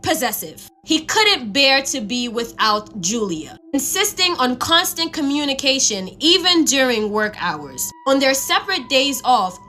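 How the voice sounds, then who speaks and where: Bright, high-voiced woman storyteller. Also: unhurried, hardly any pauses. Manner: animated. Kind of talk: scripted horror narration.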